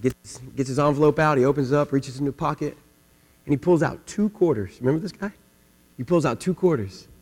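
A fairly high-voiced man preaching a sermon. He tells stories and swings from quiet asides to loud, emphatic questions. His voice rings in a long hall reverb over a low mains hum. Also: brisk. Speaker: pastor. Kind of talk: sermon with storytelling.

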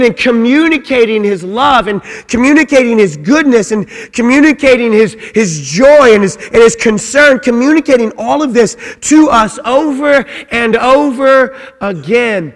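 A man's voice: extremely high pitch, expressive, a little slow. A middle-aged man preaching a sermon, emphatic and repetitive, often saying "man". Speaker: pastor. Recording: long reverb of a large hall.

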